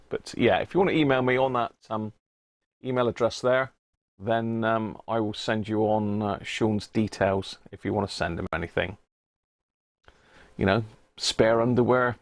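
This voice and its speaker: A man's voice: fairly low pitch, creaky, no room sound. A middle-aged man hosts a casual live stream from his home workshop, chatting, greeting viewers by name and chuckling often. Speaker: livestream host.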